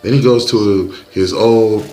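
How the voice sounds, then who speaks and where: A man's voice: fairly low pitch, slow pace, mellow. A young man narrating a movie recap in loose, slangy, joking storytelling.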